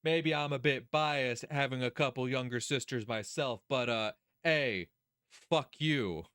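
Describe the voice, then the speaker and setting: Smooth-voiced man ranting over a game. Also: medium pitch, measured pace, fairly bright tone, dry recording, studio quality. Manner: profane, heated ranting, mocking whiny put-on voices. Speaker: gameplay commentator reading a visual novel. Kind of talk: let's play commentary and reading aloud.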